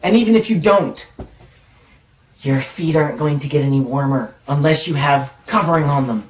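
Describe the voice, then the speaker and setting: A man telling a self-mocking personal story in a casual, animated way, acting out the dialogue. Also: fairly high pitch, normal speed, slight background noise. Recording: roomy echo, distant mic.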